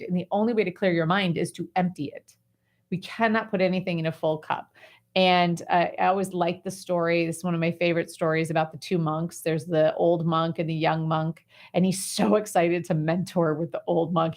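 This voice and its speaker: A woman with a slightly low voice hosts a talk show and coaches a guest. She explains in an animated, conversational way, full of "like" and "right". She sounds casual and encouraging. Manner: animated, chatty explaining with many fillers. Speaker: host and life coach.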